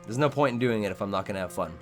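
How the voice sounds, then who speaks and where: A man's voice: on the low side, rapid-fire, soft background music. A young man hosting a game live stream, talking casually with his chat in a rambling, profane way.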